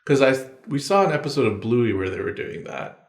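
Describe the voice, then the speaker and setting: A man's voice: mid-range voice, big pitch swings, fairly quick, gravelly. A man co-hosting a podcast in casual chat, laid-back and musing aloud. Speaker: podcast co-host. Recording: roomy echo.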